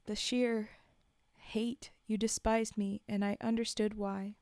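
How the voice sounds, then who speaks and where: A woman's voice: medium pitch, flat delivery, slow, a little mellow, dry recording, studio quality. A woman voicing a distraught teenage girl who pleads with her father while holding back tears, read aloud from a horror story. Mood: pleading, tearful.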